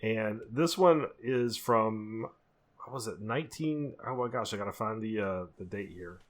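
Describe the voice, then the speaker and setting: A man co-hosting a horror movie podcast, chatting casually and with excitement, full of fillers and restarts. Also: on the low side, a little slow. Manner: enthusiastic, rambling, lots of fillers. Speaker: podcast co-host. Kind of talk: casual chat.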